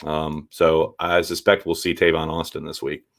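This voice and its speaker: A man hosting a casual live stream, reading viewer chat and giving blunt, animated takes with the odd swear. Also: extremely low pitch, normal speed, creaky. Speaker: sports show host reading viewer chat.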